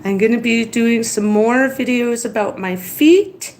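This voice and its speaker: A woman's voice: fairly high pitch, unhurried, a little mellow, slight background noise, low-quality recording. A tired woman hosting a casual live stream, rambling between topics and reading viewer comments aloud. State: tired after crying.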